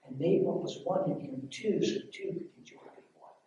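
A man preaching and telling his own testimony, emotional and storytelling, swinging between loud and hushed. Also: on the high side, moderate pace, lo-fi sound. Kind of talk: sermon. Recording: echoey hall from far off with faint noise.

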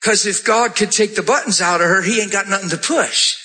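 A man preaching a sermon, telling a story with lively, animated delivery and jumping into high-pitched voices for the people in it. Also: brisk, slight background noise. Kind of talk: sermon with testimony.

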